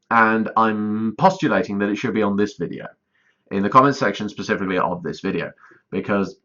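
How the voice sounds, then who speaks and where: A man talks through a casual vlog update, rambling and self-deprecating, often stalling mid-sentence. His voice sits a bit low but has a bright, forceful edge. The audio is dull and lo-fi. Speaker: YouTuber directing a voiced let's play.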